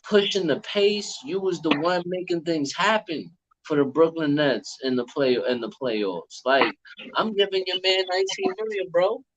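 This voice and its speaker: A man co-hosting a casual sports debate, fired up and slangy, tripping over quick restarts. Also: fairly high pitch. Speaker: co-host. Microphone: phone. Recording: muffled phone with faint hiss.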